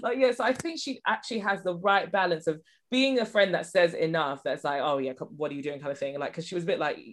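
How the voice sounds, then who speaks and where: A woman's voice: sits low, quick pace. A woman, a podcast host, chatting casually in a rambling way. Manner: rambling, chatty, lots of restarts. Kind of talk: casual chat.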